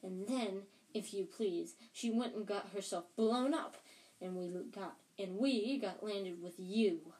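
A woman's voice: mid-range voice, slow pace, darkish tone, lightly acted, low-quality recording. A woman reading a storybook aloud, voicing a spiteful middle-aged aunt who shrieks and rants with bitterness. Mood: ranting.

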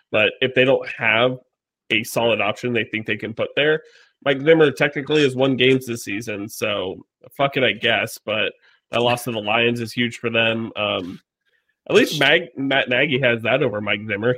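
A man's voice: mid-range voice, fairly bright tone. A man co-hosting a casual sports talk show, laid-back and musing, often saying "I feel like.". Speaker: podcast co-host.

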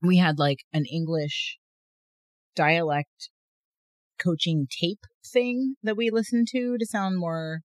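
A woman's voice: lowish voice, slow, no echo. A woman co-hosting a podcast in casual chat, chatty and giggly with lots of fillers. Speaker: podcast co-host.

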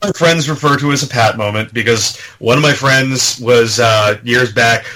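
A man co-hosting a podcast, chatting casually about game trailers, rambling and halting with many fillers. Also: medium pitch, sharp tone, low-quality recording. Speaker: podcast co-host.

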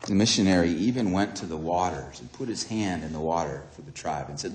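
A man preaching a sermon, retelling a story dramatically and acting out its dialogue with swings between soft and raised delivery. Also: low-pitched, brisk, hardly any pauses, roomy sound.

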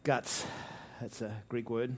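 Slowly and at medium pitch, an Australian man preaches from the pulpit, his voice rising loudly on the words that matter. The pastor jokes, breaks off and restarts his sentences, and holds a relaxed, lively sermon cadence.

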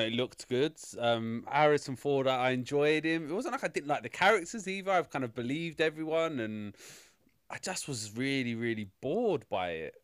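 A man's voice: on the high side, clean tone, no echo, clean studio sound. A man reviewing a film on a casual podcast, rambling, swearing freely and ranting in exasperation.

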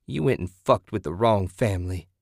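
A man's voice: fairly low pitch, gravelly, a little mellow, no echo, studio quality. A man voicing a vicious, cackling backwoods woman who hisses taunts and threats in an audiobook. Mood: mocking. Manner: taunting, hissing, drawn-out menace.

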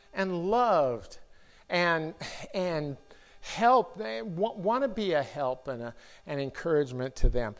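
A middle-aged man preaching from the pulpit of a church, his voice sitting a little high for a man. He speaks very slowly and haltingly, stopping to restart his sentences and filling the gaps as he goes. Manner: slow, halting delivery with repeated restarts and fillers. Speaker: pastor. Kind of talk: sermon.

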